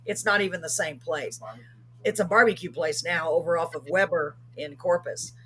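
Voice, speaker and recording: A woman's voice: on the low side, moderate pace, a bit bright, slight background noise. A woman hosting a live streamed show, telling a story casually and rambling with many ums and self-corrections.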